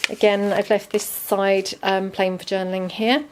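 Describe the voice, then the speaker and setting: A woman casually walking through a handmade junk journal, chatty and relaxed with frequent ums. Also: medium pitch, normal speed, a little hiss or hum. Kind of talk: casual show-and-tell narration.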